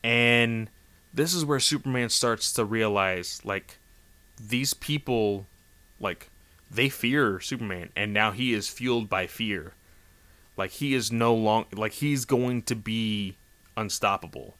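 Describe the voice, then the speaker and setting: A man casually recapping a story in a rambling, animated way, full of fillers. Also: lowish voice, takes it slowly. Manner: rambling, animated, lots of "like" and "you know". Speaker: comic book recap host.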